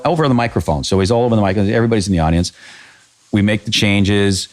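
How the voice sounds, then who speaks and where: Middle-aged Canadian man, low register, blunt and profane storyteller, podcast guest. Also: fast talker. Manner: blunt, profane, animated anecdotes. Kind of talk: casual storytelling.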